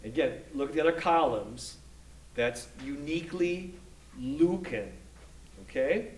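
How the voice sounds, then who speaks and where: Slow-speaking man teaching scripture in an echoey room. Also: on the high side, expressive, recorded from a distance. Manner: unhurried, halting with restarts and checking "okay?". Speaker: Bible study instructor. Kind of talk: lecture on scripture.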